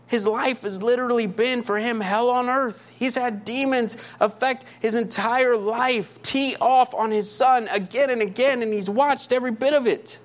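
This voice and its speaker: A man's voice: very high-pitched, fairly bright tone. A male pastor preaching a sermon with passion, driving points home with repetition and rhetorical questions.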